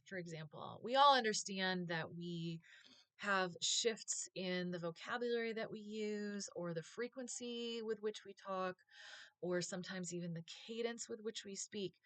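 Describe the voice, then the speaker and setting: Low-voiced American woman vlogging. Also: a bit bright, no room sound. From United States. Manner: chatty, reflective, with frequent filler words. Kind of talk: casual talk to camera.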